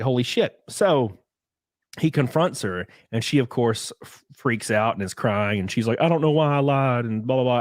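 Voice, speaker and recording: A man's voice: mid-range voice, dry recording, studio quality. A young man in casual podcast chat, telling rambling stories, swearing and laughing often.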